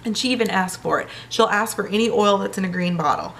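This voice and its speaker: A woman's voice: mid-range voice, quick pace, vocal fry, fairly bright tone, slight background noise. A young woman chatting in a casual vlog, telling a personal story with lots of fillers. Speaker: vlogger.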